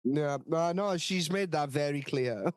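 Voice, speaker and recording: Brief: male podcast co-host, animated storyteller, high and lively, dry booth. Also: unhurried, dry recording. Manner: animated, laughing and swearing often. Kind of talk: casual storytelling chat.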